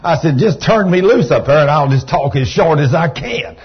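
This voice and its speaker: A man preaching a storytelling sermon in a church, folksy and animated, sometimes rising to shouts of praise. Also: a little high, moderate pace, slightly rough. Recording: dull lo-fi church recording.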